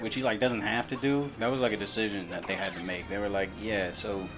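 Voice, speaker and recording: A man's voice: fairly low pitch, steady tone, fast talker. A man chatting casually over gameplay, rambling, laughing and repeating words, with game music behind. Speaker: gaming channel host.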